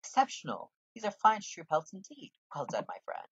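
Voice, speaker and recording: A man's voice: fairly high pitch, huge pitch swings, brisk, a bit bright, breathy edge, no room sound, muffled recording, voice pushed up, full character voice. A man reading out a bossy male guildmaster from a role-playing game in a put-on lecturing voice.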